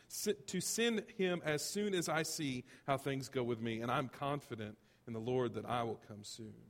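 A man preaching a sermon as pastor, animated and rising to loud emphatic bursts. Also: mid-range voice, in a large hall.

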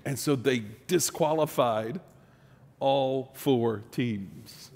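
A man's voice: mid-range voice, slow, a little mellow, big-room sound. A man from the United States preaching a sermon, conversational and joking, teasing his congregation. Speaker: pastor.

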